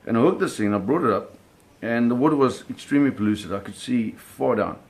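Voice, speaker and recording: Gravelly man telling a story. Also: mid-range voice, brisk. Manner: animated, vivid storytelling with frequent restarts. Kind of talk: personal storytelling.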